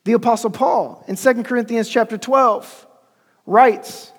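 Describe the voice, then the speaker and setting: Preaching from the sanctuary, this pastor speaks in a very high, unhurried voice, weaving conversational stories and prompting the congregation to answer back. A long reverb from the church hall trails his words.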